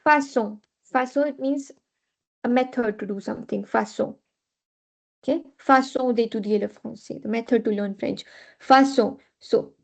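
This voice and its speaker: A high-voiced woman takes her online class through French pronunciation rules, unhurried and patient. She repeats each point and keeps checking in with her students. The recording sounds dull and lo-fi. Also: gravelly, darkish tone. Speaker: French teacher. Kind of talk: live online class teaching.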